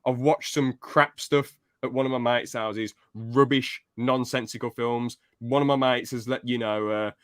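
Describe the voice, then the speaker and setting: Podcast co-host, male, mid-pitched, rambling opinionated chatter, very dry close sound. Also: fairly even intonation, moderate pace, few pauses, dry recording. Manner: rambling and opinionated, swears casually. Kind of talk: casual podcast chat.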